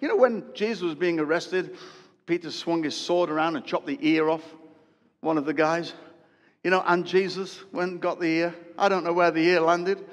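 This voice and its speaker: High-voiced preacher in reverberant church. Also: male voice. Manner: animated storytelling with acted asides. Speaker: pastor. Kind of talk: live sermon. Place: church hall.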